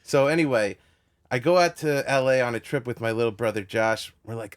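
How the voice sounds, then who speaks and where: A man's voice: mid-range voice, steady tone, a little fast. A man from New York, a podcast host, telling a long rambling story full of restarts. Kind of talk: storytelling in casual chat.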